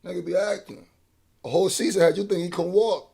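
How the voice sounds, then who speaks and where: A man giving casual, animated reaction commentary, talking back to the track. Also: sits high, a little fast, gravelly, husky. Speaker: reaction streamer.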